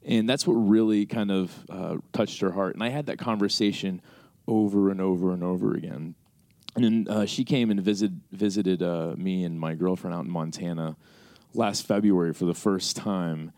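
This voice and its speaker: A man's voice: deep voice, moderate pace, no room sound, studio quality. An American man telling a personal story at a live Q&A, acting out both sides of a talk with his mother. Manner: animated, acts out his mother's side of a talk. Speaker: panelist answering audience questions. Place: screening venue.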